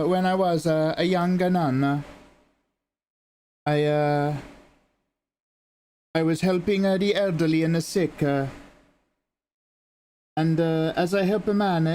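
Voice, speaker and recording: A man voicing an elderly nun with a put-on Italian accent, halting and hesitant, stumbling over many uhs. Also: fairly high pitch, a little mellow, slight background noise, pitched above the performer's own voice, lightly acted.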